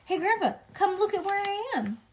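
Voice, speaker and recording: A woman's voice: very high voice, sing-song, normal speed, slight background noise, pitched above the performer's own voice. A woman voicing a hyper, bossy little kindergarten girl while reading a children's book aloud, squealing and bouncy. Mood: gleeful.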